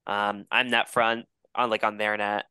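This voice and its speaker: A young man co-hosting a podcast, telling an animated, profanity-laced story in casual chat. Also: lowish voice, a little slow, clean tone, dry recording, studio quality. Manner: animated storyteller, swears a lot. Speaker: podcast co-host.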